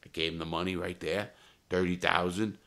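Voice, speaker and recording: A man with a low, deep voice spins crime stories in blunt, profane street talk. He stumbles and restarts, then bursts into loud acted lines when he quotes someone. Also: little pitch movement, fairly quick. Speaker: storyteller. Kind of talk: casual crime storytelling.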